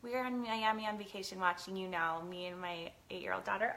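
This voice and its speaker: A woman's voice: medium pitch, fairly even intonation, a little fast, gravelly, background noise. A woman in her thirties hosting a live cooking stream from her kitchen, chatting with viewers, laughing often, teary from cutting onions. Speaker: lifestyle show host. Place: home kitchen.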